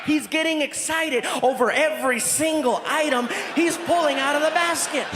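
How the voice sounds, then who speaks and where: A male stand-up comedian telling a story on stage, animated and acting out each character. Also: very high-pitched, moderate pace, few pauses, very noisy. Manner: animated, acts out every character. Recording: live hall with loud crowd.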